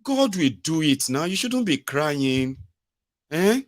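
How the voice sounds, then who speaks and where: A man's voice: fairly high pitch, big pitch swings, takes it slowly. A man voicing a wife with a Nigerian accent, cooing over her crying husband with mocking sympathy. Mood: teasing. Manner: cooing, mock-sympathetic, teasing.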